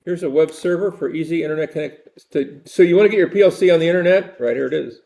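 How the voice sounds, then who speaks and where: A man's voice: on the high side, fast talker, vocal fry, dark tone. An older man giving a rambling, conversational university lecture and repeating his phrases.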